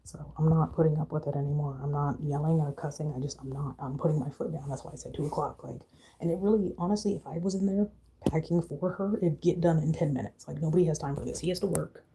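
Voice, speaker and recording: A woman's voice: sits low, fast talker, dark tone, a little hiss or hum, low-quality recording. A young woman venting on a casual vlog, frustrated and swearing freely as she mimics her roommate. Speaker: vlogger. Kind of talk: venting to camera.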